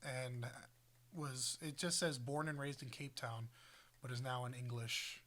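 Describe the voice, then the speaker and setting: A man's voice: mid-range voice, steady tone, a little slow, fairly bright tone. Chatty young man explaining things. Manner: explains at length, corrects his co-host. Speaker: podcast co-host. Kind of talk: casual chat.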